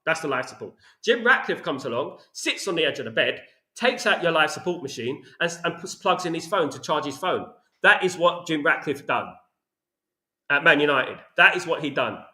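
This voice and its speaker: A man's voice: fairly high pitch, animated, normal speed, bright, forceful tone, echoey room. A man with a London accent hosting a football channel, ranting about his club in a passionate, repetitive way. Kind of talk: opinionated fan commentary.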